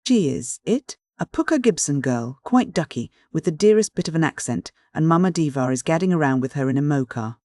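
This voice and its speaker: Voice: medium pitch, expressive, darkish tone, dry recording, lightly acted. An audiobook narrator voicing a chattering, theatrical middle-aged countess who gushes with gossip. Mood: gushing. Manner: gushing, rapid, theatrical.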